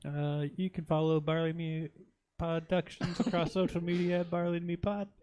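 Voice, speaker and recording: A man with a fairly high voice speaks offhand on a comedy panel. He plugs his projects casually and chuckles between lines. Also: flat delivery, moderate pace, warm tone. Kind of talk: casual plugging and banter.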